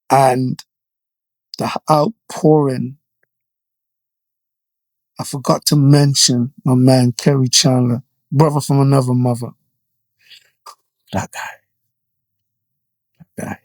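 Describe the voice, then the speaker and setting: A middle-aged man, raised in Jamaica, talks as a guest in a relaxed interview, recalling events in a lively, animated way. His voice sits a little higher than most men's. The recording is close and dry, with no room sound. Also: no room sound. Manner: animated storyteller, frequent "you know" and "right?" tags. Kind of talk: casual storytelling interview.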